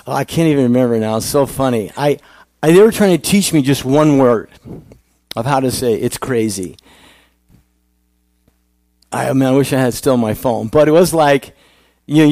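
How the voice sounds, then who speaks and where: A man's voice: medium pitch, a little mellow, no echo. A male pastor giving a conversational sermon, asking the congregation questions.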